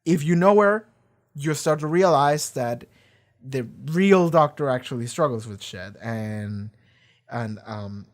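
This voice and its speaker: A man hosting his own channel, talking casually with rambling, animated delivery and casual swearing. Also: mid-range voice, takes it slowly. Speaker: reaction channel host. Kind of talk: casual discussion.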